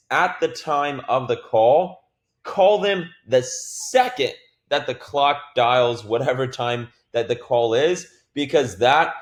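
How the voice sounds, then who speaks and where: A man giving a casual, energetic sales training talk, swearing now and then and filling his speech with "like.". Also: medium pitch, echoey room.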